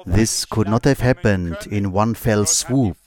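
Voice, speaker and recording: Slow, low-voiced man preaching. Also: darkish tone. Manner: slow, measured preaching in short phrases. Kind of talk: sermon.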